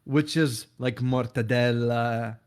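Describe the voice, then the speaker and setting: A man's voice: medium pitch, fairly even intonation, slow pace, clean tone. A man in casual chat, telling a rambling story and laughing often.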